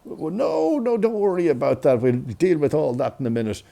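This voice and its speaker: A man putting on a chummy anaesthetist, breezy and reassuring, his pitch lifted high. A warm, gravelly voice with lively rises. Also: normal speed.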